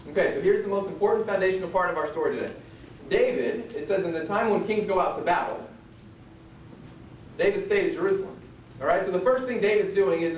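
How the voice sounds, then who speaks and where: Man preaching in an echoey hall. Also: on the high side. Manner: conversational, retells a film scene. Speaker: pastor. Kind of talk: sermon. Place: lecture room. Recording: echoey hall, distant mic, faint noise.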